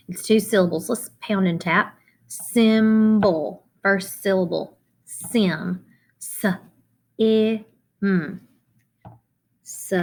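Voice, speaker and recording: A middle-aged woman teaching a children's phonics lesson, slowly and deliberately spelling out letters and syllables. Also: mid-range voice.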